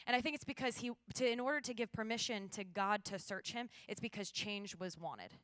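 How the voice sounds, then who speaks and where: A young woman speaking at a church devotional, telling her stories with animated energy and acting out the dialogue. Her voice is smooth and clear, at a middle pitch. It is recorded dry and close, with no room sound. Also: fairly quick, dry recording. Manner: animated storyteller, acts out dialogue. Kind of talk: morning devotional talk.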